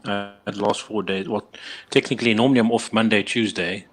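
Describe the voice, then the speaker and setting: A man's voice: lowish voice, fairly even intonation, brisk, faint music behind. A man co-hosting a livestream in easygoing, rambling chat, heard over a streaming video call. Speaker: livestream co-host. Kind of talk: casual chat.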